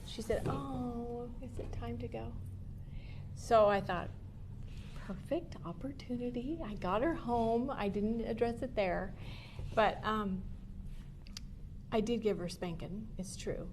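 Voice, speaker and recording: A woman's voice: fairly high pitch, slow, pauses often, darkish tone, a little hiss or hum. Chatty woman telling a parenting story. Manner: chatty, acts out quotes in her story. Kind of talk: anecdote told to a group.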